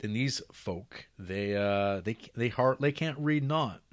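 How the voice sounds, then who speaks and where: A man's voice: fairly low pitch, lively intonation, slow. A man co-hosting a podcast, chatting casually about a film, joking and laughing often. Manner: jokey, laughs often, breaks into goofy impressions. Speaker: podcast co-host. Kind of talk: casual film review chat.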